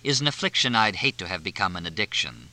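A pompous waiter with a snide, mock-formal delivery, voiced loud and raised, as a male narrator puts him on. His tone is bright and cutting and swings widely. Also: sits low, big pitch swings, fast, heavily acted, poor audio.

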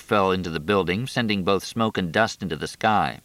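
A man reading a novel aloud in a steady, measured narration. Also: low voice, dry recording. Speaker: audiobook narrator. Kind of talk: scripted narration.

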